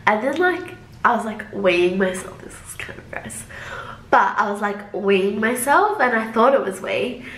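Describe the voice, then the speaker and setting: Young woman vlogger, casual rambling storyteller, mid-pitched voice, heavy "like" filler, roomy echoey sound. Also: expressive, normal speed, few pauses, fairly bright tone. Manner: chatty, loose, heavy use of "like" as filler. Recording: roomy echo.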